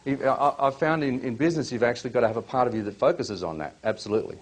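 A man's voice: mid-range voice, very fast. A man presenting a live workshop, chatty and full of questions, coaching people from the audience.

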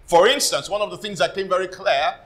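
A man's voice: sits high, brisk, a bit bright, poor audio. A man with a Nigerian accent preaching a sermon to a church congregation, emphatic and often calling for responses. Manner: emphatic preaching with rising intensity. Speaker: pastor. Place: church service.

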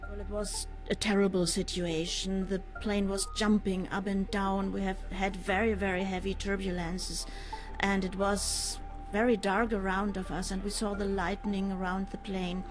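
An older woman in an interview, recounting a personal ordeal in a measured, halting way with pauses and fillers. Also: medium pitch, level tone. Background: faint music.

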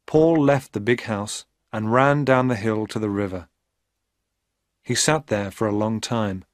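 Slow, clear male storyteller. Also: fairly low pitch, dry recording, clean studio sound. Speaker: narrator. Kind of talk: scripted narration of a graded reader.

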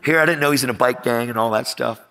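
A man's voice: mid-range voice, fast, smooth. A middle-aged man preaching a storytelling sermon, full of energy, acting out the voices in his stories and joking with the audience. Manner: energetic, acts out quoted voices, jokes with the audience.

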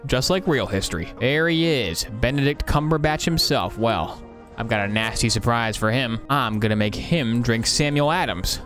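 A young man streaming a video game, giving deadpan, mock-serious comic commentary that jumps now and then into high, squeaky yelps. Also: moderate pace, faint music behind. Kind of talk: comedic gameplay commentary.

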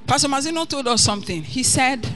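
A woman's voice: sits high, animated, fast talker. Woman pastor, fervent sermon delivery, faint music underneath. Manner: passionate preaching that builds to shouts.

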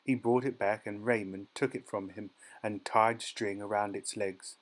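A man narrating a dark short story as an audiobook, in a measured, dramatic storytelling manner. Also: lowish voice, steady tone, rough recording. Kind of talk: scripted narration.

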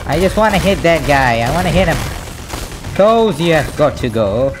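Gamer host, male, lively swinging pitch, unhurried delivery, noisy game audio behind, rages and jokes. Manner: excitable, raging and joking at the game. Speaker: gaming channel host. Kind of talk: live gameplay commentary.

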